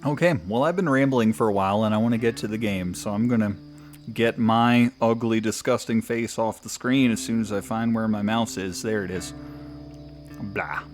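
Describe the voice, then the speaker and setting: A man's voice: on the low side, moderate pace, faint music behind. A man streaming a video game, giving rambling casual commentary and chuckling often.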